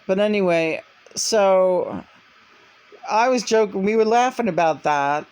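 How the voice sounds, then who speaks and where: A woman's voice: medium pitch, unhurried, a little mellow, clean tone. A woman vlogger and spirit medium telling stories in a casual monologue, rambling with many restarts.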